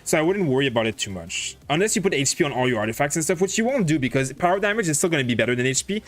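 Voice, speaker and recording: A man's voice: fairly high pitch, very animated, racing, faint music behind. A man hosting a casual gaming livestream, thinking aloud as he plays and answering chat questions with plenty of fillers. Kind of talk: casual livestream commentary while playing.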